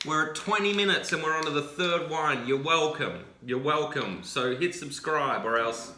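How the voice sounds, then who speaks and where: Bright-voiced Australian man joking around. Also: fairly high pitch, reverberant, slight background noise. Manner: joking, quick banter. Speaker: co-host. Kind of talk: casual chat.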